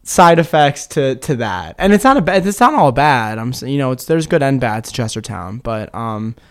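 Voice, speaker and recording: Smooth-voiced young guy, giggly and rambling. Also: mid-range voice, big pitch swings, moderate pace. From Kent County, Maryland. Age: 20s. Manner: giggly, self-deprecating, rambling with fillers. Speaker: guest. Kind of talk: casual podcast chat.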